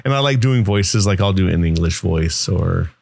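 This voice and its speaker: Deep-voiced man, gravelly and low. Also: normal speed. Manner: relaxed and joking. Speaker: podcast co-host. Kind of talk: casual podcast chat.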